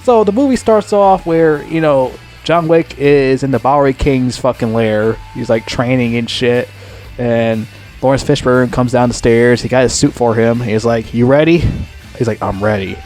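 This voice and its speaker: A man giving a casual, unscripted movie review, swearing constantly and rambling excitedly. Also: medium pitch, normal speed, soft background music.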